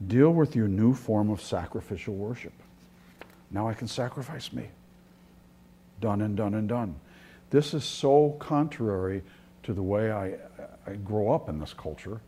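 A man's voice: lowish voice, lively intonation, a little slow, pauses often, dark tone, slightly rough. A man preaching a sermon as a pastor, earnest and full of restarts, sometimes dropping to near-whispers.

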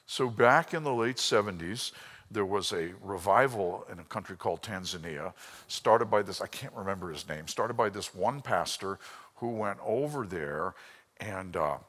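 A low-pitched man preaches a lively Bible lesson, telling stories and voicing the people he quotes, now and then dropping to a near whisper. His voice rings with a long reverb, as in a church hall. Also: normal speed. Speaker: Bible teacher. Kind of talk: lively sermon with anecdotes.

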